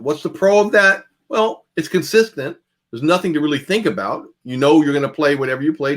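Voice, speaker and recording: A man's voice: fairly high pitch, a little fast. Casual man teaching jazz guitar. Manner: casual, conversational, demonstrates by saying picking strokes aloud. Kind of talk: masterclass lecture.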